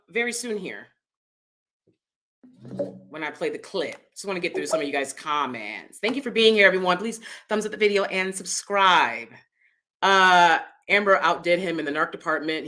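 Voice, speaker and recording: A woman hosting her own channel, talking in a casual, animated way, often checking in with "right?" and jumping into high mocking voices. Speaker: commentary channel host. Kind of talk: casual opinion commentary.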